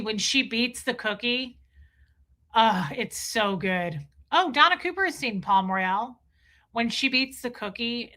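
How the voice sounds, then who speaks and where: On this livestream the host chats casually with viewers, reads their comments aloud and raves about favorite movies, quoting their lines with exclamatory enthusiasm. She has a fairly high-pitched voice that sounds pushed and bright.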